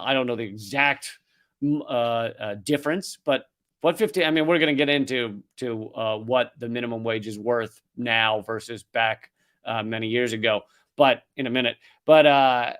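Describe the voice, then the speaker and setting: A man's voice: fairly high pitch, a bit bright. A man hosting comedic political commentary, sardonic and rambling with restarts. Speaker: comedian host.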